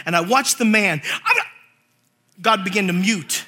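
A man preaching a lively, comic sermon to a church congregation, telling stories with acted-out quotes. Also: sits high, normal speed, breathy edge. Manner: animated storytelling with acted quotes and laughter.

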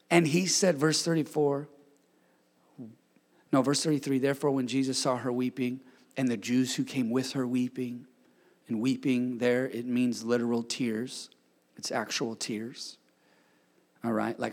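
A middle-aged man preaching a sermon as pastor, swinging from hushed tones to shouted calls for the congregation to answer. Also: mid-range voice, big-room sound. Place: church sanctuary.

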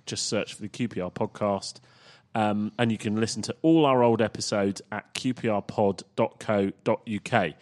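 A man hosting a casual football fan podcast, chatty and full of ums as he runs through plugs and questions. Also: mid-range voice. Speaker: podcast host.

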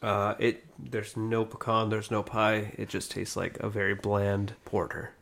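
Wry low-voiced guy. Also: flat delivery, measured pace, gravelly, a bit bright. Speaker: podcast co-host. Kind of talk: casual chat.

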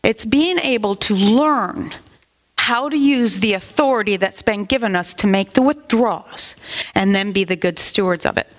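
A woman pastor preaching a sermon in a conversational, animated way, acting out quotes and adding asides. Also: medium pitch, moderate pace. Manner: animated, acts out quotes in put-on voices.

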